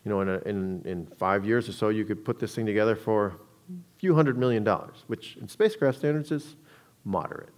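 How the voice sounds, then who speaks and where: A man's voice: lowish voice, a little fast, a little mellow. A man giving a public talk to an audience, telling a story in a conversational way with frequent restarts.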